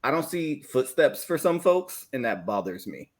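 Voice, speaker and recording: A man with a mid-range voice talks casually on a comics podcast. He is relaxed and wry, and he picks at small details in the art. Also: medium pitch, moderate pace. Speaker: podcast co-host. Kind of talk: casual comic book chat.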